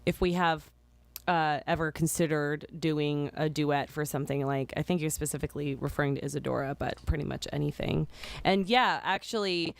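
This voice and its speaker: A woman with a notably low voice co-hosting a relaxed live stream. She talks about her music in a chatty, rambling way, restarting her sentences often. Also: moderate pace, vocal fry. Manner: chatty, with frequent restarts and fillers. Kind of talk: casual chat.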